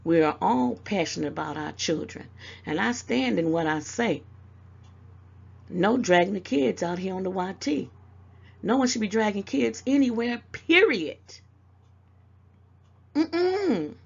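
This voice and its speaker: A woman's voice: medium pitch, normal speed, vocal fry, darkish tone, breathy edge, dull audio. An older woman with a Southern US accent, speaking to camera and giving motherly, scolding advice, calling people baby. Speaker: YouTube commentator. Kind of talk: casual direct-to-camera advice.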